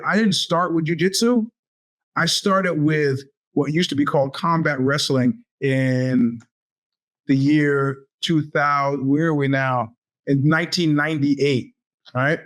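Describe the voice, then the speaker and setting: A man in his fifties tells a winding story as a podcast host. He talks in a slightly high voice and jumps into the voices of the people he quotes. The delivery is loose and animated. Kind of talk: storytelling monologue.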